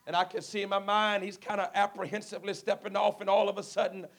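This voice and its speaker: High, gravelly-voiced man preaching. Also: little pitch movement, fast talker, fairly bright tone. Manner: acts out biblical dialogue in storytelling preaching. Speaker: guest preacher. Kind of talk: sermon. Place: church before a congregation.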